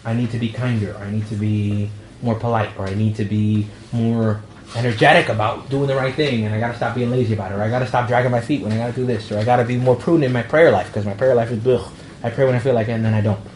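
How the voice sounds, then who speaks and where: A man's voice: mid-range voice, steady tone, fast talker, a little mellow. A male priest giving a casual, humorous talk to a young adult group, acting out bits of dialogue as he goes. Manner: conversational and humorous, acts out quoted dialogue. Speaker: priest leading a young adult ministry meeting. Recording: echoey room with faint background noise.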